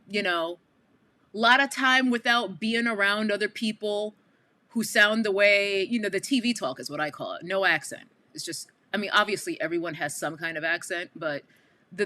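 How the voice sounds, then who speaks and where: A woman from Queens with a New York accent hosts a casual livestream, chatting with viewers she calls "y'all" and dropping in frequent asides. Her voice is medium-pitched and sharp-toned at a moderate pace, recorded through a headset mic.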